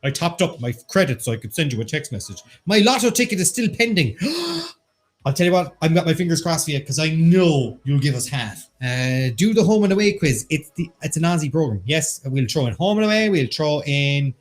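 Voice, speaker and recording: A man's voice: a little high, very animated, moderate pace. A man with an Irish accent co-hosting a casual online quiz, bantering and reading out the chat. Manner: joking, bantering, reads chat aloud. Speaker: quiz co-host.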